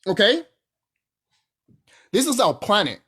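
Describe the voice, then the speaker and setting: A channel host delivers a heated, profanity-laden rant straight to camera with no script. The voice swings widely up and down in pitch, and sentences often break off and restart mid-thought as the speaker pushes a point. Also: wildly swooping pitch, takes it slowly, pushed and bright, slightly rough.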